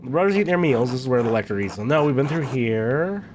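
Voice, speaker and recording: A man's voice: medium pitch, animated, quick pace, slight background noise. A man streaming a game, chatting loosely and swearing freely as he plays. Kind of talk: casual game commentary.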